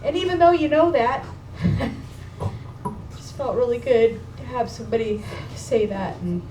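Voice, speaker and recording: A woman with a high voice shares a heartfelt memory with a live audience, emotional yet casual and slangy. Her voice comes from far off in a reverberant room, with steady background noise around it. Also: measured pace. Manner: emotional, casual, swears and says dude. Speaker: speaker at a memorial gathering. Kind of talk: personal storytelling to an audience. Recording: echoey room, distant mic, background noise.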